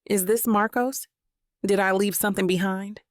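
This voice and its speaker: A woman's voice: mid-range voice, steady tone, moderate pace. A woman narrating a first-person romance audiobook in an intimate, reflective manner.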